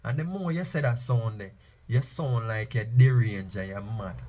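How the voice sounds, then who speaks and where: A Rastafari speaker preaches an emphatic monologue in a husky, mellow voice that is rough at the edges and sits at a middle pitch. He slows down to chant key phrases for effect.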